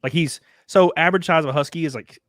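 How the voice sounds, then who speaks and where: A young man hosting a podcast, chatting casually, animated and quick, swearing and laughing as he tells stories. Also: fairly high pitch, no echo, clean studio sound. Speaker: podcast host. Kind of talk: casual chat.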